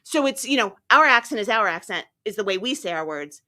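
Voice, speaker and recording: A middle-aged woman hosting a podcast, talking in an animated way and acting out the quotes in her stories. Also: medium pitch, a little fast. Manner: animated storyteller who acts out quotes. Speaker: podcast host. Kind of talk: casual chat.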